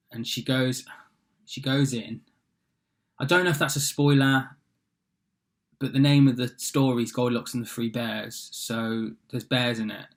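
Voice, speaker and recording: Rambling young man retelling a fairy tale. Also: mid-range voice. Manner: rambling and offhand, full of fillers and asides. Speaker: storyteller.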